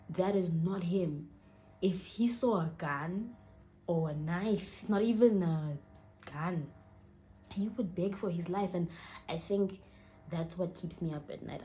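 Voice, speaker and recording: Seated indoors, a twenty-something vlogger with a Southern African accent speaks unhurriedly in a fairly low, dark voice against slight background noise. She tells a personal story, holding back tears and frequently dropping to a near whisper.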